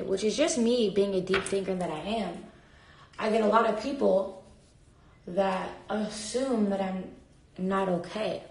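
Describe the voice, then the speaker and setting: A woman's voice: mid-range voice, a little slow, noisy background. A woman chatting casually on a phone live stream from a hotel room, rambling with lots of "like" fillers while she packs a bag. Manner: talks while packing a bag.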